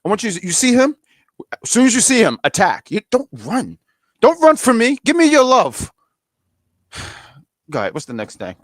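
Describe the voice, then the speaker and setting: Podcast co-host, man, high and very animated delivery, playful mock indignation. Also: moderate pace, pauses often, dry recording. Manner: playful, mock-outraged, theatrical. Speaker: co-host of a wrestling review show. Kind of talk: casual podcast banter.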